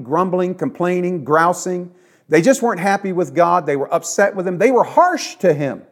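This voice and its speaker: A man with a fairly high voice delivering a sermon. He preaches earnestly and conversationally, stacking repeated phrases for emphasis. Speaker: pastor.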